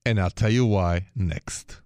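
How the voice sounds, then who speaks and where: Speaking slowly in a low, slightly mellow voice with no room sound, a middle-aged man from France hosts a radio advice program. His thick Parisian accent comes through as he chats playfully and drops in French words.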